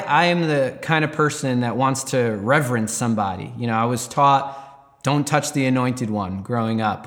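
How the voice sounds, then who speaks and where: A man's voice: mid-range voice, fairly bright tone, long reverb tail. A man giving a candid personal testimony, rambling and restarting as he recounts events. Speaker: Christian storyteller.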